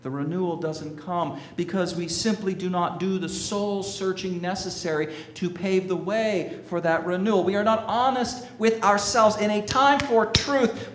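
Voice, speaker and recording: A man preaching a sermon to a congregation, slow and emphatic, asking the listeners rhetorical questions. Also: high-pitched, a bit bright, roomy sound, a little hiss or hum. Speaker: minister. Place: sanctuary with congregation.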